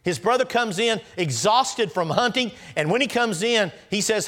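A man, preaching a sermon. He swings between loud rising exclamations and low hushed asides and acts out scripture dialogue in a folksy way. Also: animated, normal speed, few pauses.

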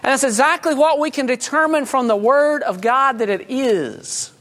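A man's voice: extremely high pitch, normal speed, a bit bright. A middle-aged man preaching a sermon, mixing folksy stories and chuckles with urgent, earnest appeals. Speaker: pastor.

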